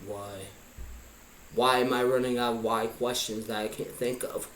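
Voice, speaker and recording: A man's voice: medium pitch, flat delivery, a little fast, a bit bright, a little hiss or hum. A man vlogging a pondering monologue of rhetorical questions. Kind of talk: musing monologue. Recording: echoey room.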